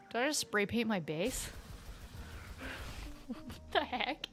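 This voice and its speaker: A woman's voice: fairly high pitch, big pitch swings, slow, long pauses, a bit bright, soft background music. A woman with a light Canadian accent, live streaming a game and chatting aloud to herself and her chat.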